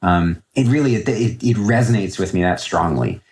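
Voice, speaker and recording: A deep-voiced man talks through his trading habits, circling back and restarting his thoughts as he goes. He sounds reflective and unhurried in a podcast conversation. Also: lively intonation, a little mellow. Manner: reflective, rambling with many fillers and restarts. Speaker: trader guest. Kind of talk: podcast interview answers.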